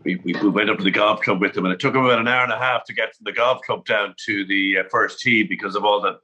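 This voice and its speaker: An Irish man on a panel tells golf anecdotes chattily, often repeating words as he starts a sentence. His lowish voice is steady, quick, pushed and bright, though the audio sounds dull.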